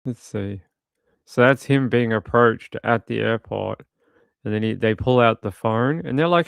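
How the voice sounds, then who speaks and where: A man's voice: mid-range voice, unhurried, gravelly, clean tone, no echo, clean studio sound. A man who hosts a true crime stream, rambling and indignant as he comments on videos. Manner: rambling and indignant, with frequent restarts. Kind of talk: casual commentary while watching videos.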